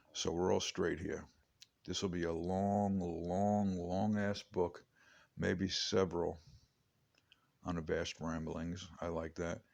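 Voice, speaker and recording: Gravelly late-fifties man, rambling memoir. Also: sits low. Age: 50s. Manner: chatty, digressive, wry asides. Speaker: author reading his memoir. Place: home.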